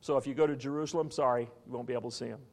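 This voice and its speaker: A man preaching a sermon in an animated teaching style, often asking his listeners questions. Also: mid-range voice, very fast. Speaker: pastor.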